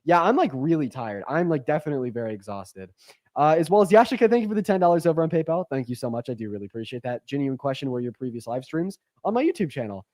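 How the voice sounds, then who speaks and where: A young man hosting a live-stream debate, talking fast and bluntly with lots of fillers. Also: on the high side, big pitch swings, darkish tone, no room sound, clean studio sound.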